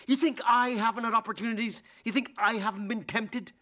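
An actor playing a jealous, drinking husband in a radio drama, sarcastic and biting, rising into fury. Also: male voice, very high voice, fairly even intonation, fairly quick, pushed and bright, exaggerated voice. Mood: bitter sarcasm. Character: bitter jealous husband, drinking, middle-aged.

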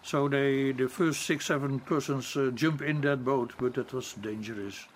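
A man with a Dutch accent, a ship captain recalling events in an interview, speaking halting non-native English and searching for words. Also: mid-range voice, slight background noise. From Netherlands. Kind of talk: interview recollection.

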